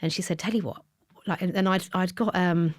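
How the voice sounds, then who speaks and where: A woman's voice: on the low side, fairly even intonation, fairly quick. A woman, a podcast guest telling her own story candidly and with feeling, sometimes sinking to a whisper. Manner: emotional, drops to a whisper when reliving moments.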